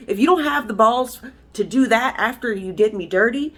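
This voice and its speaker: A woman's voice: on the high side, expressive, fairly quick. A woman talking frankly and emotionally in a personal vlog, heated, swearing freely and using lots of fillers. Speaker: vlogger.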